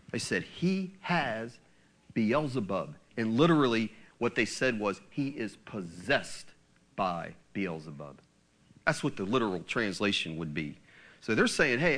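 A man's voice: mid-range voice, a bit bright. A man preaching a sermon, asking rhetorical questions and acting out quotes. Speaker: pastor.

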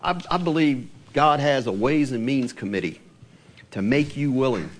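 A man preaching a sermon, reading scripture aloud and stressing phrases slowly and emphatically. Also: medium pitch, lively intonation. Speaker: pastor.

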